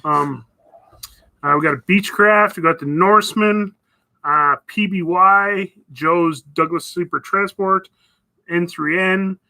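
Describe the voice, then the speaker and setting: A man's voice: high voice, slow pace, pushed and bright, rough recording. A man from northern Canada hosting a casual live stream, rambling and chatting as he reads viewer messages. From Northwest Territories, Canada. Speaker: livestream host.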